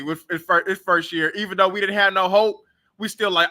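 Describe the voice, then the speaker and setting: Blunt high-voiced man ranting about football. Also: fairly even intonation, a little fast, sharp tone. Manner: blunt, trash-talking, heated. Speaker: sports talk show host. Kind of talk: casual sports reaction rant.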